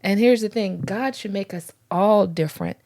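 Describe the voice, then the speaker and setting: A middle-aged woman with a gravelly edge co-hosts a faith podcast. She tells stories in a casual way and acts out each exchange with lively voices. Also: mid-range voice, normal speed. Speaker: podcast co-host, former pastor's wife.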